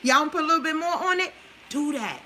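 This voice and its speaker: Bright-voiced woman coaching viewers while cooking. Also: sits high, lively intonation, fairly quick, slight background noise, low-quality recording. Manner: chatty, coaching, talks straight to viewers. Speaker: busy mom sharing a meal plan. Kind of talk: casual cooking livestream.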